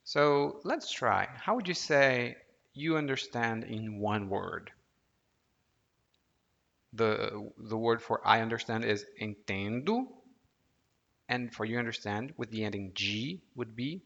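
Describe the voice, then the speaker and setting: A man teaching an audio language lesson, patient and deliberate, prompting the listener to repeat words aloud. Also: mid-range voice, creaky, fairly bright tone. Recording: dull lo-fi audio with long reverb.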